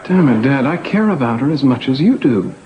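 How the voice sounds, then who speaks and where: A man's voice: mid-range voice, sing-song, brisk, lo-fi sound, a little hiss or hum, lightly acted. A man playing Mason, a stern grown son. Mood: angry. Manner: firm, confrontational. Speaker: actor in a TV soap opera. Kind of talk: 1980s TV soap acting. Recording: TV soundtrack with music underneath.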